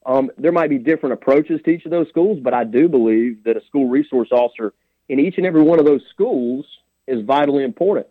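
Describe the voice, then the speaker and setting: A man's voice: medium pitch, quick pace, no room sound. A man, a sheriff candidate calling in to a radio show, talking bluntly and plain-spoken. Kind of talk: phone-in radio interview. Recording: tinny dry phone line.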